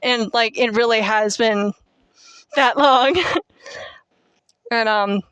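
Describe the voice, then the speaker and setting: A woman's voice: on the high side, slow, fairly bright tone, clear, resonant tone, dry recording. A woman in her twenties hosting a casual writing-tips video, rambling with many fillers and joking at herself, on a headset mic. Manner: rambling, filler-heavy, self-deprecating. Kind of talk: casual teaching monologue.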